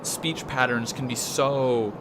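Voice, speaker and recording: A man's voice: mid-range voice, steady tone, slow pace, background noise. Chatty Canadian man streaming games. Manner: rambling, chatty, swears freely. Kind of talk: casual gaming stream chat.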